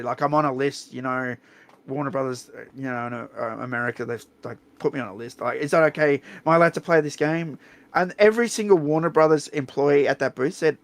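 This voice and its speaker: An Australian man hosting a stream, telling a story in a blunt, profane, animated way. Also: fairly high pitch, dry recording. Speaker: streamer host. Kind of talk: casual storytelling chat.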